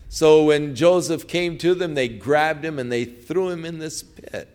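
A man's voice: a little high, normal speed, few pauses, a little mellow. A male preacher retelling a story in a sermon, conversational and emphatic.

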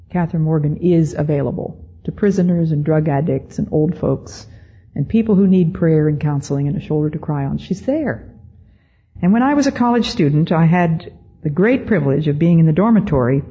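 An older woman giving a storytelling talk to an audience, her voice low, mellow and very husky. She speaks in a measured, deliberate way, pausing often. The recording sounds dull and lo-fi. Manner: measured, deliberate, with frequent pauses.

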